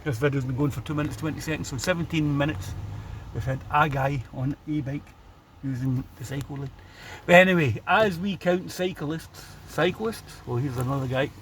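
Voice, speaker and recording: A man's voice: on the high side, normal speed, a little hiss or hum. A man with a Glasgow accent, chatting sardonically to camera about the street he is filming. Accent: Scottish, Glasgow. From Scotland. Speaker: vlogger. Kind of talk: casual rant while filming a street. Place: outdoors by a city road.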